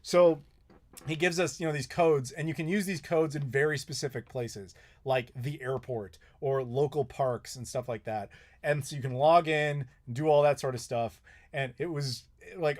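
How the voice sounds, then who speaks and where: An American man hosting a live Q&A, telling travel stories in a casual, animated way and acting out what people said. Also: a little high. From United States. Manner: animated, chatty, quotes people in his stories. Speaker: YouTuber host.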